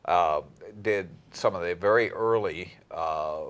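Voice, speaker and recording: A man's voice: low-pitched, slow, clean tone, muffled recording. A man hosting a casual interview, chatty and teasing his guest. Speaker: interview host.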